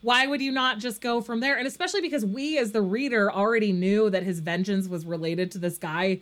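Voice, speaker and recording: A woman talks through a book in a relaxed chat with her co-host. Her speech is loose and candid, full of fillers and the odd blunt curse word. Her pitch sits in a typical middle range for a woman. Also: brisk. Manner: candid, profane, filler-heavy, laughs often. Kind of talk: casual book-discussion chat.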